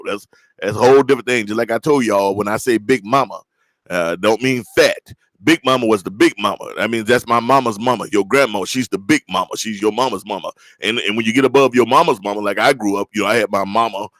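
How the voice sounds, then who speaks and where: Brief: male host, East Texas drawl, low voice, rambling homespun talk. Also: no echo, poor audio. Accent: East Texas Southern. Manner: folksy, rambling storyteller. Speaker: livestream show host. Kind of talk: casual livestream chat.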